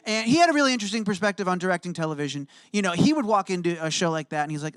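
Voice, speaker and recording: A man hosting an interview, asking quick, stumbling, enthusiastic questions full of restarts. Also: high-pitched, expressive, a bit bright, smooth, dry recording. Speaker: interview host. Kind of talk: casual interview chat.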